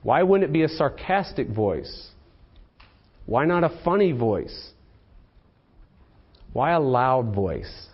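A man's voice: mid-range voice, big pitch swings, slow pace, long pauses, slightly rough. A man preaching a sermon in a conversational way, asking his congregation rhetorical questions and tagging lines with "okay?" and "right?". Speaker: pastor. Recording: slightly dull lo-fi sermon recording.

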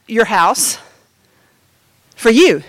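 A woman's voice: on the high side, very animated, very slow, fairly bright tone, dry recording. A woman giving a personal testimony as a sermon, talking straight to the congregation in a conversational way. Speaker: preacher.

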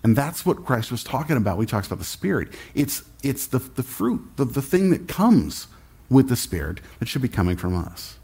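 A man's voice: mid-range voice, very animated, normal speed, gravelly, darkish tone, breathy edge. A man pastor giving a sermon in a conversational way, often restarting his sentences. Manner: conversational preaching with frequent restarts.

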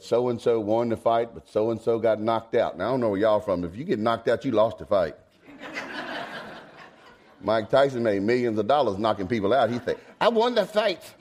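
A man, preaching a folksy sermon. He swings from low asides to high, emphatic exclamations. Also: a little mellow. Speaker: pastor.

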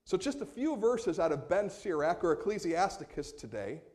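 A man preaching a sermon as pastor, moving between quiet, slowed passages and raised, emphatic appeals. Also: sits high, big pitch swings.

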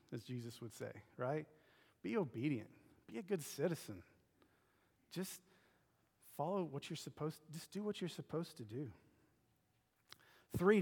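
A man's voice: on the high side, in a large hall. A man preaching a sermon as pastor, in a conversational style that keeps asking the congregation questions.

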